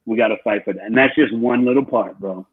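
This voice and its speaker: A husky man speaking as a guest preacher, driving his points home by repeating them. His voice comes through a tinny, phone-like call line. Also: fairly low pitch, quick pace. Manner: emphatic, repeats phrases. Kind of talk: preaching storytelling.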